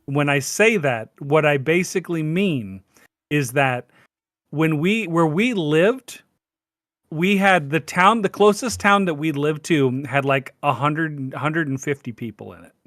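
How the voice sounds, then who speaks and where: A man with a somewhat higher voice, emphatic and stammering, restarting his words often. He is recorded dry, with no room sound. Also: measured pace, a bit bright, no echo. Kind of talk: casual discussion.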